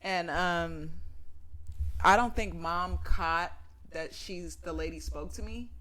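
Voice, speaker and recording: Woman, podcast co-host, casual chat, laid-back manner, lowish pitch. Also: slow pace, a bit bright. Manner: laid-back, chatty storytelling.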